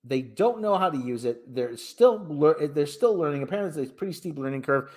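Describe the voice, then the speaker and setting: A man hosts his own show in a casual movie review, with a high voice. His pitch rises and falls with lively swings as he rambles. He is sarcastic and full of wisecracks. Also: brisk. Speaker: host.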